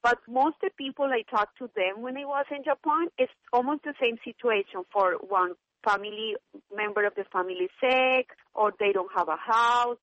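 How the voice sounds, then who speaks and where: A woman from Colombia with a Colombian Spanish accent, earnestly giving personal testimony in a radio interview in halting, non-native English. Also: on the high side, fairly bright tone, no room sound, highs cut off. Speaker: interview guest.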